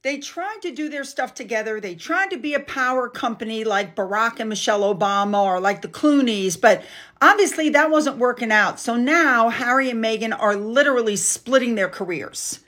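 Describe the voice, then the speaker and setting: A woman's voice: on the high side, normal speed, fairly bright tone. A woman hosting a podcast, giving sarcastic, opinionated commentary. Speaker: podcast host.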